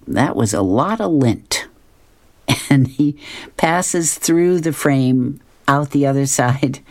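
Very low-voiced woman reading comics. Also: darkish tone. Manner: amused, chuckling between strips. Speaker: comic-strip reader.

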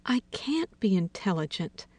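A woman voicing a timid, fretful young woman in a story reading, hesitant and a little higher than her narration. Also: sing-song, a little slow, a little mellow, breathy edge, no room sound.

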